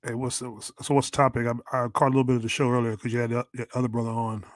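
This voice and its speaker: A middle-aged man on a casual talk show who rambles, restarting and repeating his words as he goes. He speaks quickly with very little rise and fall, and his voice sounds dry and close. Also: mid-range voice, flat delivery, no echo. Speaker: guest caller. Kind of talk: casual chat.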